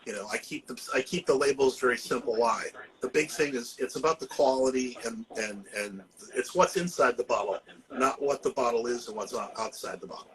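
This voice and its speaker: A man's voice: mid-range voice, a little fast, rough recording. A man from Massachusetts, talking casually and jokingly as a herbalist guest, filling his speech with "you know". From Massachusetts, USA. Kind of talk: casual podcast chat.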